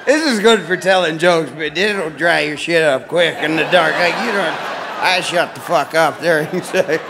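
Male stand-up comic, slightly high voice, rambling self-deprecating delivery, live club recording with faint noise. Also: normal speed, crowd noise. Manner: rambling, self-deprecating, lots of fillers and restarts. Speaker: stand-up comedian. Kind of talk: stand-up comedy set. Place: comedy club stage.

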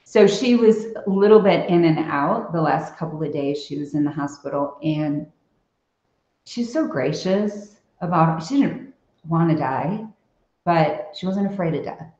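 A woman's voice: deep voice, lively intonation, unhurried, dark tone, roomy sound, muffled recording. A woman guest on a podcast, telling personal stories in a reflective, casual way with many fillers. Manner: reflective storytelling with frequent fillers. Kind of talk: casual conversational interview.

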